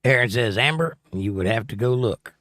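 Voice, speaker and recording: Speaking at normal speed with lively intonation, a man with a medium-pitched, fairly bright voice hosts a casual home livestream. He reads out viewer comments and jokes around with them, in studio-quality audio free of room sound.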